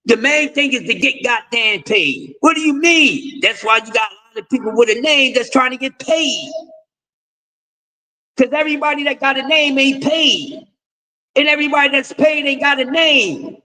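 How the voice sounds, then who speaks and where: A man with a very high, sharply bright voice rants through boxing commentary. He is profane and confrontational, lecturing his listeners and hammering the same points again and again. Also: poor audio. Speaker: host of a boxing talk stream. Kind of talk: ranting commentary.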